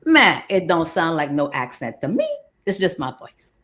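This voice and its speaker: A woman's voice: low voice, big pitch swings, a bit bright, pitched below the performer's own voice. A woman performing a kind, folksy older Cajun woman who cleans a dormitory, in a theatrical character monologue with a Cajun Louisiana accent. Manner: folksy, chatty, drawn-out storytelling.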